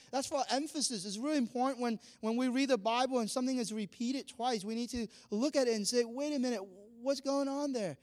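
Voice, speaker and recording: A high-pitched man delivers a lively sermon, acting out the voices of the people he quotes. His words ring out with a long reverb, as in a large hall. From Vietnam. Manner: animated, acts out quoted dialogue, laughs often. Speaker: pastor.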